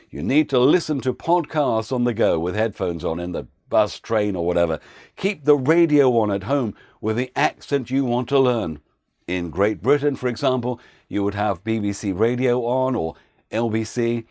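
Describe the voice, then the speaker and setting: A man who works as a voiceover coach, giving an instructional talk with clear, patient explanations. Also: on the low side, a little mellow, dry recording, clean studio sound.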